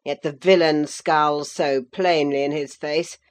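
Woman doing a pompous old male magistrate, lower voice, blustering, declaiming, storybook gentleman. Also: steady tone, measured pace.

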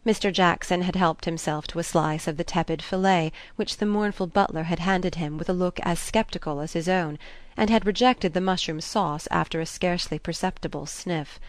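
A woman narrating a classic novel, her voice low and steady. The reading is measured and even, recorded dry and close with no room around it. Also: no echo. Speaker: audiobook narrator.

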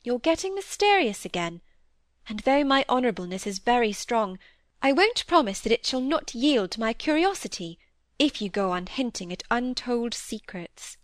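A woman's voice: fairly high pitch, big pitch swings, normal speed, dry recording, clean studio sound. Woman reading a curious, coaxing young girl. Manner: coaxing, pleading, inquisitive. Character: curious, lively teenage girl, doting daughter. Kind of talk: audiobook dialogue reading.

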